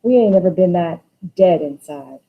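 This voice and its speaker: A woman reading Mama, a proud older mother hurt by her son. Her quiet, dignified words carry sorrow. The recording is dull and lo-fi. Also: lowish voice, expressive, normal speed. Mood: sorrowful. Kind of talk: dramatic play reading.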